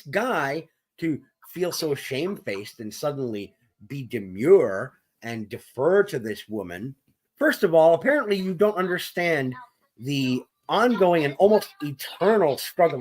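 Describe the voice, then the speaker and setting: A man's voice: a little high, big pitch swings, unhurried, a little mellow. A man co-hosting a gaming podcast, ranting heatedly and profanely in wordy, formal language. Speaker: podcast co-host. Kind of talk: opinionated gaming discussion.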